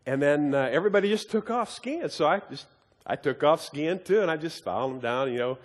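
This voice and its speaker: Man, Bible study teacher, earnest sermon, fairly high voice, long hall reverb. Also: lively intonation, brisk. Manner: earnest, emphatic, often repeats and restarts words. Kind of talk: sermon with personal storytelling.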